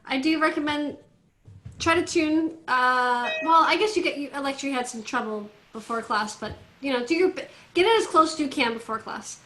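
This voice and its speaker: A woman teaching an online violin class, coaching students through tuning in a brisk, directive way over a video call. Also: high-pitched, bright, forceful tone, slight background noise. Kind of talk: online group class instruction. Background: faint violin notes from students.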